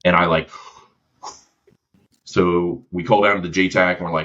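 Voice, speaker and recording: Brief: very low male guest voice, slangy storyteller, dull lo-fi sound. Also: a little slow, long pauses. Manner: slangy, lively, quoting others in his stories. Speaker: podcast guest, former gunship gunner. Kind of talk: casual storytelling interview.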